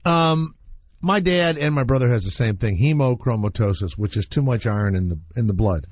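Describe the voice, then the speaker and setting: A man's voice: mid-range voice, lively intonation, fairly quick, a little mellow, no echo. A man hosting a radio show, talking in a casual, rambling storytelling way. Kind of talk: casual talk radio chat. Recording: muffled radio broadcast.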